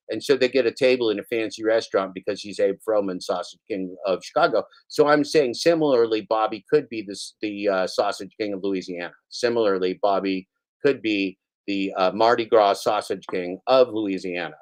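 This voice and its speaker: A male streamer rants through his live-stream commentary, sarcastic and rambling. His delivery jumps from scoffing to storytelling without pause. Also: lowish voice. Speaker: streamer host.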